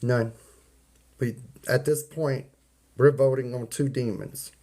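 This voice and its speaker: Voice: mid-range voice, fairly even intonation, slow, warm tone. A livestreamer ranting to viewers in a folksy, preachy way, repeating points and greeting people in the chat by name. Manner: folksy, uses y'all and ain't. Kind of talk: casual live-stream rant to viewers.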